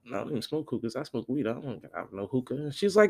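A podcast host telling a profane, animated story in a casual monologue, quoting the people in it. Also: male voice, mid-range voice, fast, vocal fry. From Florida.

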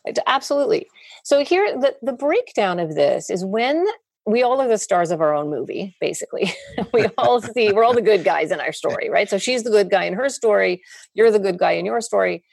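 A woman therapist talks through her method in an interview, with a gravelly, slightly husky voice. She explains steadily and slips into quoted voices of parents and kids. The sound is close and dry. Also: medium pitch, lively intonation, brisk, no echo. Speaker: child and family therapist.

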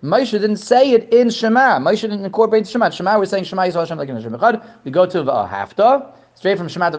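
A man giving a Torah lesson to a class, animated, asking questions and often repeating words. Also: high voice. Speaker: Torah teacher. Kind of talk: lecture to a class.

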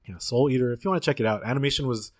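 A man's voice: mid-range voice, racing, dry recording. Socal guy rambling on his podcast, dry close mic, easygoing. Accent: Southern Californian. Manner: rambling, trails off and restarts. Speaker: podcast co-host. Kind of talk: casual chat.

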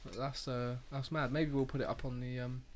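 A man's voice: medium pitch, flat delivery, brisk. A man co-hosting a casual podcast chat, telling stories with dry asides. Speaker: podcast co-host.

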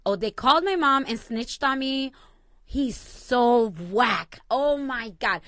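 A young adult woman co-hosting a casual chat, telling stories in an animated way and swearing freely. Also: a little high, a little slow, dry recording. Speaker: co-host.

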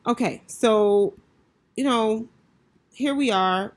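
A woman's voice: fairly low pitch, unhurried. A woman hosting a podcast, talking in a reflective, conversational way, with frequent fillers and restarts. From United States. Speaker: podcast host. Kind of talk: solo podcast commentary.

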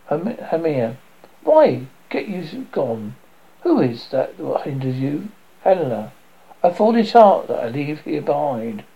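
A man's voice: fairly high pitch, sing-song, takes it slowly, creaky, slightly rough, highs cut off. A man reading a play aloud who names each character before the line. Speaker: reader.

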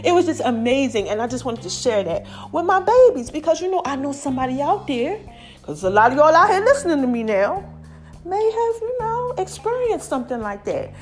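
High, animated woman chatting to listeners. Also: fairly quick, faint music behind. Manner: animated, laughing, chatty with slang and call-outs to listeners. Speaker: podcast host. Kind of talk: casual solo podcast monologue.

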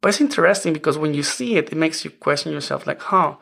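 Non-native English-speaking male podcast host in his forties, earnest and rambling, with a fairly high voice. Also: animated, fast, vocal fry, fairly bright tone, husky. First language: not English. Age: 40s. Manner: earnest, rambling with many "I mean" restarts. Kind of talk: casual self-help podcast monologue.

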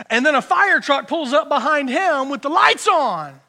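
A middle-aged pastor preaching with a high, bright voice. He tells his stories with energy, swinging between shouts and quiet, hushed asides. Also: expressive, measured pace. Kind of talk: sermon.

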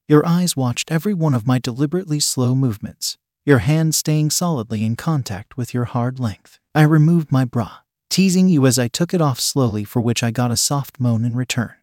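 A man narrating a scripted erotic story in a slow, even and intimate reading style. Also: mid-range voice, dry recording, clean studio sound.

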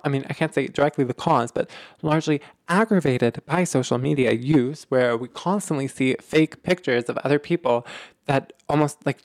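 A podcast host explaining relationship ideas in casual, animated talk, full of fillers, restarts and emphatic repeats. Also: mid-range voice, no echo, clean studio sound. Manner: animated, emphatic, lots of filler words and repetition.

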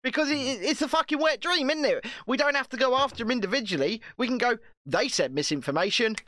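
A man's voice: very high voice, fast talker, bright, forceful tone, no echo. A man co-hosting a podcast, ranting and swearing in casual political chat, often repeating himself. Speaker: podcast co-host.

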